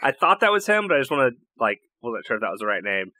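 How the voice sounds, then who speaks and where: Man, podcast guest, bright forward tone, dry close sound, halting recall. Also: medium pitch, very animated, dry recording. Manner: halting, restarts while recalling. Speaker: tabletop game player. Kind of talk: casual podcast chat.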